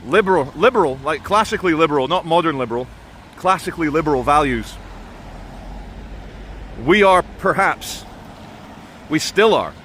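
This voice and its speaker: A man's voice: fairly high pitch, fairly bright tone. A man from Brazil with a British upbringing, chatting casually and opinionatedly while walking through a town. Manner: chatty, rambling, opinionated, self-correcting. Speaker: vlogger. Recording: outdoor street noise.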